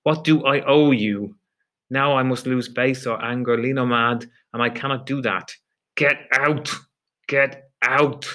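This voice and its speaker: A man reading a story aloud, voicing a furious male prison official who shouts contemptuously at a newcomer. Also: mid-range voice, fairly even intonation, normal speed, lightly acted. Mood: exasperated.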